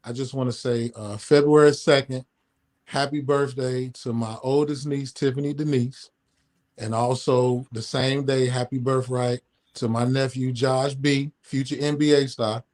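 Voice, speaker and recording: A man's voice: medium pitch, fairly even intonation, measured pace, a little mellow. A man from Chicago, a regular podcast contributor, chatting in a laid-back, joking way. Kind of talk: casual podcast chat.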